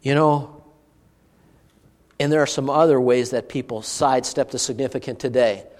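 A man's voice: mid-range voice, steady tone, moderate pace, a little mellow, in a large hall. A man preaching a sermon, asking the congregation rhetorical questions as he goes. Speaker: pastor.

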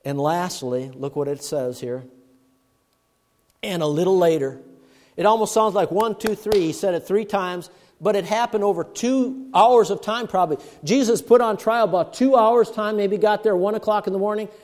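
A male preacher giving a sermon, swinging from loud emphatic bursts to hushed murmurs. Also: high-pitched, normal speed. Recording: long reverb of a large hall.

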